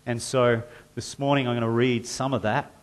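A male pastor preaching a sermon, moving between conversational explanation and loud, forceful reading of scripture. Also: mid-range voice, little pitch movement, normal speed. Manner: reads scripture loudly and forcefully, then drops to a conversational tone.

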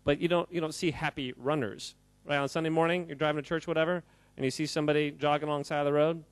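A man giving an animated, jokey talk to a live audience, quizzing the crowd and often laughing. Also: a little high, fast, no room sound. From United States. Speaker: speaker addressing a live audience. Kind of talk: lively audience-interactive talk.

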